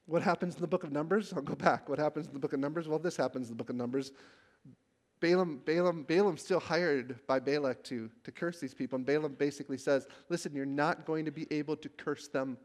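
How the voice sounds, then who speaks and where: A male pastor preaching a sermon, telling the story with animation and acting out the quotes, then growing hushed when he reads scripture. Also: fairly high pitch, fast talker. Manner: drops to a hushed, reverent tone when reading scripture.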